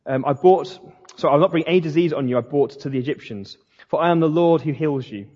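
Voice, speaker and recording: A man's voice: a little high, quick pace, dark tone. A man preaching a sermon in a conversational way, with slips and restarts. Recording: dull lo-fi sound in a reverberant hall.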